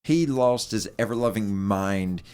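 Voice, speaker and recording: A man's voice: fairly low pitch, a little slow, darkish tone, clear, resonant tone. A young man co-hosting a podcast, cracking jokes with playful interjections in casual chat. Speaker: podcast co-host.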